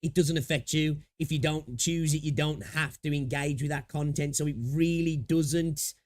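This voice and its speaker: A man livestreaming casual commentary as he reacts to a video. He thinks out loud, rambles, laughs easily, and keeps checking in with "right?". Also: fairly high pitch, steady tone, moderate pace.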